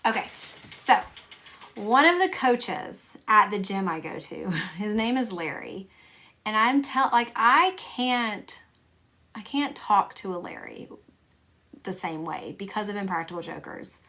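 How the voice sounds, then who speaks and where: A woman's voice: mid-range voice, animated, measured pace, pushed and bright. A young woman hosting a casual livestream, chatty and rambling, laughing often and talking to her viewers by name. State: tired. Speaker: livestream host selling stickers and stationery.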